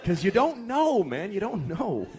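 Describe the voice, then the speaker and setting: A man's voice: high-pitched, huge pitch swings, measured pace, a little mellow, a faint crowd. A man doing a stand-up routine, telling stories in a profane, exasperated way. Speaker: stand-up comedian.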